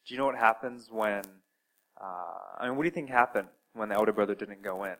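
A man preaching a sermon in an earnest way, asking his listeners direct questions and swinging between loud and soft. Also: fairly low pitch, brisk, low-quality recording. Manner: earnest, with wide swings in loudness.

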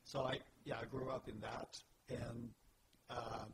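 A man, a theater director guest telling his story in a measured, steady way in a casual interview. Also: medium pitch. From France. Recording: loud background hiss.

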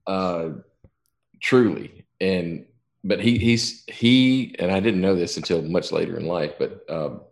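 A man's voice: low voice, slow pace, vocal fry. A man in his fifties telling a long personal story in casual chat, rambling and profane, often restarting his sentences.

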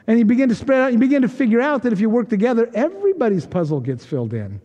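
High-pitched guy preaching, chatty and jokey, echo from a big church hall. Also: very animated, very fast, hardly any pauses, warm tone. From United States. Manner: conversational, joking, acts out quoted voices. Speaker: pastor. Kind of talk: sermon. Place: church sanctuary. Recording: long reverb of a church hall.

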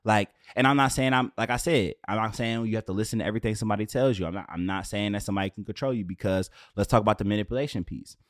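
A man in his late twenties talking casually as a podcast host, animated and profane with streetwise slang, in a dry room on camera. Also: fairly low pitch, racing, hardly any pauses, dry recording. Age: 20s. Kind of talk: casual solo rant.

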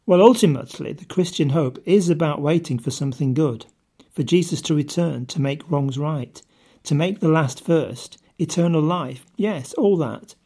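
A man delivers a short scripted devotional talk, moving from a story into rhetorical questions. His voice sits a little higher than most men's, with a mellow, soft-edged tone and a slight huskiness. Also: normal speed, slightly rough. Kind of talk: scripted sermon-style talk.

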